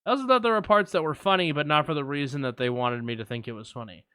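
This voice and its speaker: A man co-hosting a film podcast, chatting with quick asides and restarts. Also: on the high side, fairly bright tone, smooth, no echo, studio quality. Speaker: podcast co-host. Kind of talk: casual film discussion.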